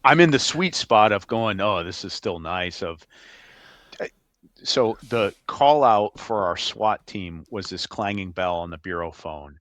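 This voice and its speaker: A middle-aged man with a low voice tells lively, laughing stories from his career. He sounds close to the mic, with a dry sound and no room echo. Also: unhurried. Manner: animated, laughing anecdotes. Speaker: retired FBI agent, guest. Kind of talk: casual storytelling interview.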